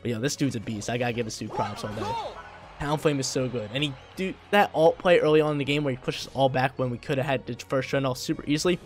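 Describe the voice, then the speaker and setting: A young man narrates his own gameplay as it happens, talking casually in gamer slang. His voice sits mid-range, and he keeps breaking into loud, hyped shouts. Faint music plays underneath. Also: mid-range voice, fast. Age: young adult. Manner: excitable, slangy, bursts into loud hype. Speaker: gaming video creator. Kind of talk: live gameplay commentary.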